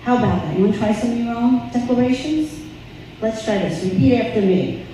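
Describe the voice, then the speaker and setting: A woman minister giving an inspirational sermon, earnest and unhurried, leading the congregation in call-and-response. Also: fairly high pitch, noisy background. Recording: echoey hall, mic at a distance.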